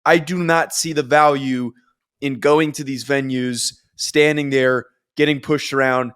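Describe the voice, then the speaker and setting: A man's voice: medium pitch, fairly even intonation, a little slow, a bit bright, clear, resonant tone. A young man co-hosting a sports podcast, telling stories in a rambling, self-deprecating way with many restarts. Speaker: podcast co-host. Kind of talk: casual chat.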